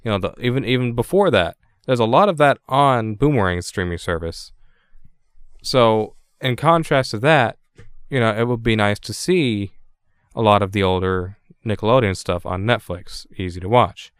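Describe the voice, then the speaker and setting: A man's voice: on the low side, animated, moderate pace, smooth, no echo, clean studio sound. A man hosting a casual podcast, talking in loose run-on sentences and swearing casually. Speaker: podcast host. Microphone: podcast microphone.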